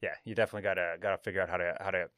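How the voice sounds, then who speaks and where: A man's voice: low-pitched, fairly even intonation, rapid-fire, fairly bright tone, dry recording. A man hosting a podcast in a studio, chatting casually and enthusiastically, rambling and restarting his sentences. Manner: rambling, restarts often, enthusiastic about shows. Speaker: podcast host.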